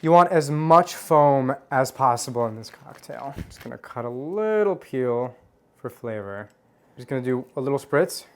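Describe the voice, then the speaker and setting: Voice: mid-range voice, animated, normal speed. Playful chatty cocktail tutorial host. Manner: chatty and playful, jokes at own expense; savors tastes aloud with hums. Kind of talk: home cooking tutorial.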